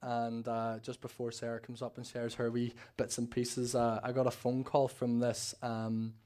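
Nervous Northern Irish man, flat-toned testimony. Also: medium pitch, moderate pace. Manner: rambling, many fillers and restarts, acts out quoted talk. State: a bit nervous. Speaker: church member giving testimony. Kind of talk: personal testimony at a church service. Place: church service.

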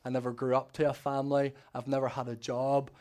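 A man's voice: mid-range voice, little pitch movement, quick pace, a little mellow. A man, an ex-prisoner giving an emotional, rambling faith testimony to a church congregation. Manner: rambling, emotional storytelling with restarts.

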